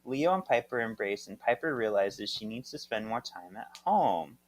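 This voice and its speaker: A man with a fairly low voice reads a plot summary aloud on a podcast. He moves briskly through short, clipped sentences. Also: big pitch swings. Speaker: podcast co-host.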